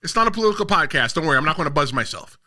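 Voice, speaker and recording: A man hosting a casual podcast, emphatic and quick to talk over others while reading the chat aloud. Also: a little high, very animated, bright, forceful tone. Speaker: podcast host and wrestler.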